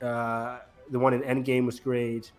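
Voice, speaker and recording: A man's voice: medium pitch, completely flat delivery, measured pace, soft background music. A man hosting a casual podcast chat, talking eagerly with many fillers. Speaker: podcast host.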